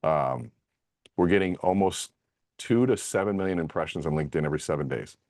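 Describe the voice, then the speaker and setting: Male interview guest, deep voice, excitable storyteller, close dry sound. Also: fairly quick, no echo. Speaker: guest speaker and author. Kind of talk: conversational interview.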